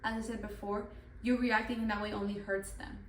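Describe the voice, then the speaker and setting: A woman's voice: medium pitch, level tone, fairly quick, far from the mic. Earnest young woman, echoey and off-mic. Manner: earnest, repetitive, many "like" fillers. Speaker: channel host. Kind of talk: devotional Bible talk. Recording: echoey room, voice off-mic, faint noise.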